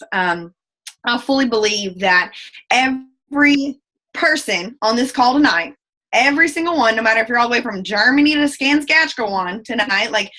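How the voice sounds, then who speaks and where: A woman in her twenties with a thick Southern accent, giving a fast, folksy and effusive motivational talk on a video call. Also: a little high, animated, pushed and bright. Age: 20s. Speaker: guest speaker.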